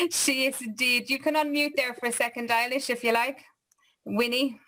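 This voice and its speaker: Woman host, bright and chatty, slightly high voice, reads viewer comments on a live video-call show. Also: level tone, measured pace.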